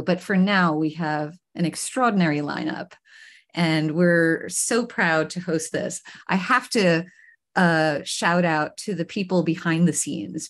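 A woman hosts a live online arts talk show from a video call. Her voice sits on the low side for a woman, and she speaks with gushing enthusiasm, often stumbling and restarting mid-phrase. She comes from Queens, New York. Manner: enthusiastic, effusive, with frequent restarts. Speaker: host.

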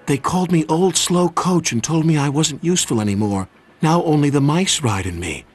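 A man's voice: a little high, animated, moderate pace, faint music behind, pitched above the performer's own voice, natural voice. A man voicing a sad, forlorn old female railway coach in a children's story. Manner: forlorn, gentle.

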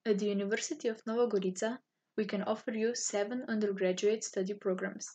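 Woman, English, husky breathy tone, formal scripted narration. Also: medium pitch, fast talker. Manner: formal, even-toned reading. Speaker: university student office staff.

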